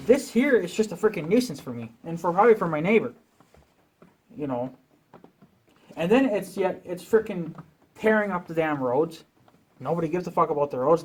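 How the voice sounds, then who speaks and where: A man venting in a rambling, profane rant as a vlogger, talking casually to his viewers. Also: fairly high pitch.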